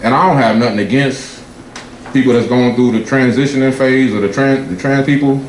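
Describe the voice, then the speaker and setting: A man doing a profane stand-up set, telling loose stories and jumping high in pitch for his punchlines. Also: fairly even intonation, fairly quick. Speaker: stand-up comedian. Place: comedy club stage before a laughing audience. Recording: echoey club room with crowd noise.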